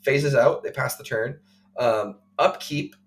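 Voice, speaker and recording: A man co-hosting a podcast, recounting a game play by play in casual chat, full of fillers and quick acted quotes. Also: medium pitch. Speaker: podcast co-host.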